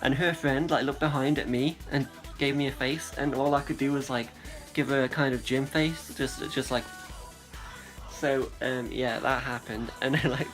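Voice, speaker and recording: A man's voice: medium pitch, steady tone, faint music behind. A young man rambling casually to a friend, chatty and profane, often acting out what people said. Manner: chatty and profane, quick to act out quotes. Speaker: vlogger addressing a friend.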